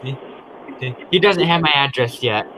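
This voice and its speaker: A man's voice: medium pitch, normal speed, noisy background. A man with a Michigan accent, joking and teasing in a casual group chat.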